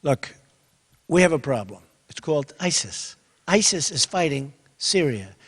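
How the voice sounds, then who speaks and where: An older man in his seventies giving a campaign speech at a rally event, repetitive and emphatic, swinging between quiet asides and loud bursts. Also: on the high side, big pitch swings, measured pace, slightly rough. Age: 70s. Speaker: candidate speaking at a rally event. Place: large hall with an audience. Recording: echoey hall with crowd behind.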